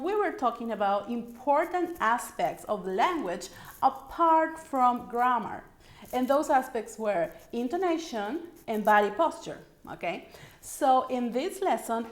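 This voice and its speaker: A slow-speaking woman with a fairly high voice coaches English intonation. She explains patiently and models example sentences aloud. The room gives her voice a noticeable echo. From Paraguay. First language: Spanish. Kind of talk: online language lesson.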